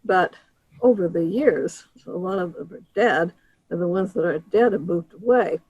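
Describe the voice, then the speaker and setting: A woman with a husky voice who rambles and restarts her sentences. She talks about dog breed circles on a call, and the sound is dry and close. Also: fairly low pitch, moderate pace, a little mellow, no echo, highs cut off. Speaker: dog breed club organizer.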